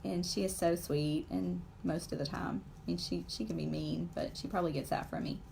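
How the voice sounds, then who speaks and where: A woman's voice: fairly low pitch, fairly even intonation, normal speed, vocal fry, background noise. A woman, in her forties, hosting a casual live stream while she paints, rambling with many fillers and asides to her viewers.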